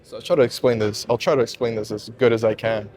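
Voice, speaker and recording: A man's voice: mid-range voice, steady tone, fast talker, darkish tone. A man talking casually in a gym between sets, out of breath, candid and swearing freely. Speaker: fitness vlogger. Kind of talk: casual gym vlog talk.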